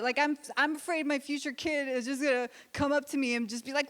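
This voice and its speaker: A female stand-up comedian of Middle Eastern origin, telling animated stories and acting out loud characters. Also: high voice, fast, few pauses. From Middle East. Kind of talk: stand-up set.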